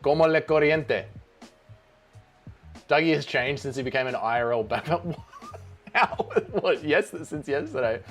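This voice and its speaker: A man's voice: mid-range voice, lively intonation, normal speed, a bit bright, faint music behind. A man hosting a casual watch-along livestream, joking around and reading out chat messages. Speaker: livestream host.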